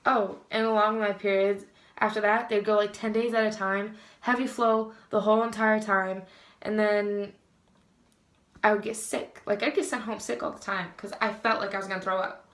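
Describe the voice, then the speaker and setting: A woman's voice: mid-range voice, little pitch movement, normal speed, fairly bright tone, roomy sound. A young woman talking candidly in a casual confessional vlog, blunt and swearing freely. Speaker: vlogger.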